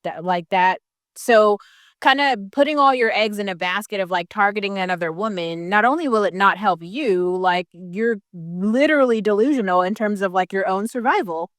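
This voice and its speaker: A woman's voice: medium pitch, moderate pace, no room sound, studio quality. A woman ranting casually to camera, swearing often, packing her talk with "like" fillers and laughing in bursts. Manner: profane, heated, heavy "like" fillers, laughs mid-sentence. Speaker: vlogger.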